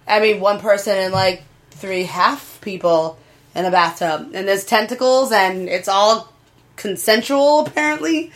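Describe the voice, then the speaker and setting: A woman casually recapping a show in a podcast chat, chatty and lively, acting out the characters' lines in a raised voice. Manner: chatty, lively, acts out quotes in higher voices. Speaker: anime reviewer.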